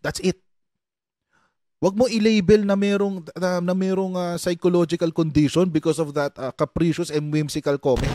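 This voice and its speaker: High-voiced ranting Filipino man. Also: steady tone, fairly quick, mellow, no echo, clean studio sound. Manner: sarcastic, ranting, mimics others. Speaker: political commentator. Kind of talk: mocking commentary mixing Tagalog and English.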